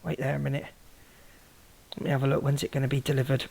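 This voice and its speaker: A woman's voice: extremely low pitch, completely flat delivery, fast talker, gravelly, darkish tone, a little hiss or hum. A woman hosting a live stream, chatting casually, swearing freely and calling out greetings to viewers. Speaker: livestream host.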